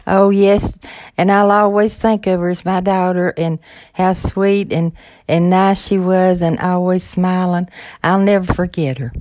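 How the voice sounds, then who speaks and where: Older lady, low-ish voice, soft and agreeable, dry close sound. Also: steady tone, measured pace, dry recording. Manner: gentle, agreeable, warm recollection. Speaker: mother of the host. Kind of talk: casual conversation.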